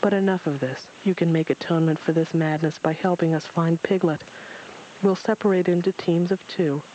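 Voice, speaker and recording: A man voicing a wise, gray-haired old man in a storybook reading, gentle, measured and grave. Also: fairly high pitch, fairly even intonation, dull audio, a little hiss or hum, lightly acted. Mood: earnest. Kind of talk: storybook read-aloud.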